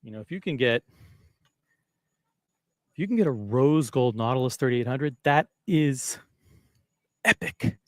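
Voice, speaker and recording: Rambling, animated male livestream host. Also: medium pitch, moderate pace, long pauses, no echo, clean studio sound. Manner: rambling, self-deprecating, chatty with viewers. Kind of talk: casual live-stream chat.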